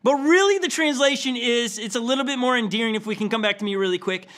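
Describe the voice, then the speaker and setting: A man giving a sermon in a relaxed, conversational way, as a pastor talking with his congregation. His voice sits high and rings bright. He keeps checking in with "okay?" and slips into playful asides. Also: fast talker. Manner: casual and playful, with frequent "okay?" and "like"; acts out quoted characters with a chuckle.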